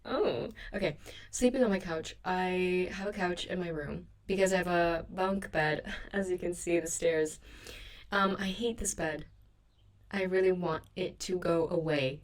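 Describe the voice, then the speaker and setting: A young woman hosting her own podcast, chatting casually and rambling in a sleepy, self-deprecating way from her bedroom. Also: on the low side. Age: young adult. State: sleepy, a bit sick in the throat. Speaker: podcast host. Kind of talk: casual solo podcast chat.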